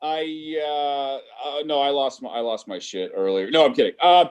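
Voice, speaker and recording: A man doing a stand-up set over a video call, halting and stammering, full of fillers. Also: mid-range voice, clear, resonant tone. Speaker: stand-up comedian. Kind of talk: stand-up set on a virtual show. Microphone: computer mic on a video call.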